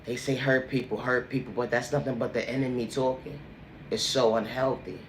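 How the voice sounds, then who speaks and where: A man speaks straight to his livestream viewers in a preachy motivational monologue. He leans on the same emphatic refrains again and again, like a sermon. His pitch sits in an ordinary middle range, and a faint hiss of background noise runs under the voice. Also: little pitch movement, a little fast, roomy sound. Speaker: livestream host.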